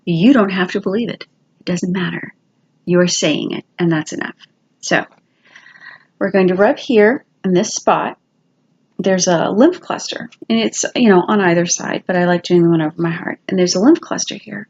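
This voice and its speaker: A woman giving casual, quick, chatty step-by-step instructions, demonstrating as she goes. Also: lowish voice, darkish tone, breathy edge, dull audio.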